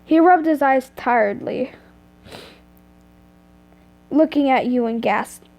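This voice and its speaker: High-voiced woman slowly reading a story. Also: dull audio. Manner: stumbles and corrects herself often. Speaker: reader of fan fiction.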